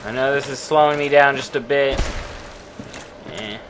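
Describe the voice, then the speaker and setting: A man commentating his own gameplay in a casual let's play, swinging between quiet mumbles and excited yelps. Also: mid-range voice, normal speed, background noise. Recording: loud game sounds behind voice.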